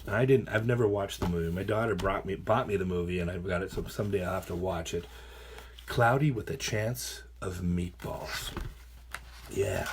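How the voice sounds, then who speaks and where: Middle-aged male teacher, lowish voice, playful read-aloud with chatty asides, faint noise behind. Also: moderate pace. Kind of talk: reading picture books aloud to a class.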